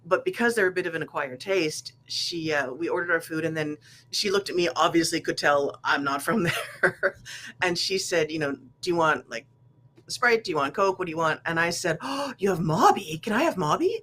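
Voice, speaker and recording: A woman, a guest on a show, telling an anecdote in a chatty, lively way. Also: lowish voice, normal speed, slight background noise. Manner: chatty, lively, laughing now and then. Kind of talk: casual storytelling.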